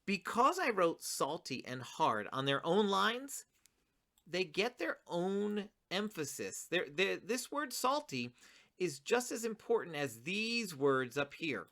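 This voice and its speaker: A woman teaching a writing lesson to children, encouraging and talking straight to her students, reading her own poem slowly with a pause on each word. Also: on the low side, big pitch swings, fairly bright tone. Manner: reads her poem slowly, pausing on single words; encouraging, addresses students directly.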